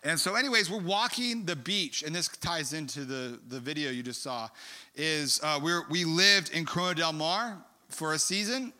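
A man from California telling a rambling, animated story in a sermon, full of fillers and asides. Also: a little high, moderate pace. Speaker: preacher. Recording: long hall reverb.

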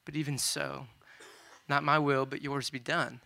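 Bright-voiced man preaching a casual sermon. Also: medium pitch, measured pace, vocal fry. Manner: conversational, animated, retells scripture casually with asides.

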